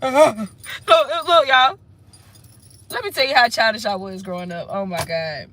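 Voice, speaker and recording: A high, bright woman giving a casual tarot reading. She talks sassy and emphatic, swears freely and hammers her points home by repeating them. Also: measured pace. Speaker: tarot reader.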